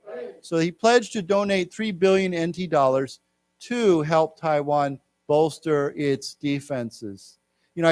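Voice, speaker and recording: Man, middle-aged, English teacher, rambling classroom chat, slightly high voice, dry close sound. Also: dry recording. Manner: chatty, rambling, with animated quoted voices. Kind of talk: casual classroom lecture. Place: lecture room.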